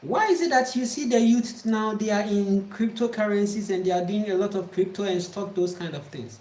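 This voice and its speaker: A woman's voice: medium pitch, normal speed, mellow. A woman giving an emphatic, repetitive spiritual talk to her viewers. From Ghana. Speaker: spiritual speaker. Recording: roomy echo.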